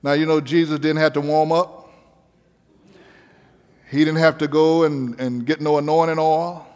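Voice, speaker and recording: Emphatic preacher, high voice, long reverb. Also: male voice, little pitch movement, a little slow, a little mellow, clean tone. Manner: emphatic, repetitive preaching cadence. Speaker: pastor. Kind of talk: sermon.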